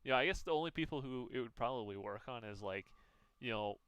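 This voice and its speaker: Smooth-voiced man thinking aloud. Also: mid-range voice, expressive, fast talker, a bit bright, no room sound. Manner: thinking aloud, hesitant restarts. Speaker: podcast co-host. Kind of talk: casual chat.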